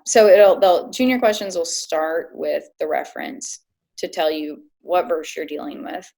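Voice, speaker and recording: Low gravelly-voiced woman coach. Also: a little slow, darkish tone, poor audio. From Illinois. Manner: explains step by step, thoughtful. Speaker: quiz coach guest. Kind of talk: casual podcast chat.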